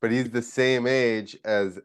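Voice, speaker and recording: A man's voice: mid-range voice, fairly even intonation, slow pace, clear, resonant tone. A man hosting a podcast in casual chat, recalling old stories and explaining things for his listeners.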